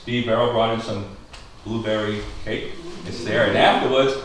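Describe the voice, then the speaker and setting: A man's voice: lowish voice, fairly even intonation, normal speed, fairly bright tone, recorded from a distance, a little hiss or hum. Chatty man talking in an echoey room. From Maine. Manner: chatty, joking, asks the audience questions. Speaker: historical society host. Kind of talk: casual talk to a small audience. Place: schoolhouse room.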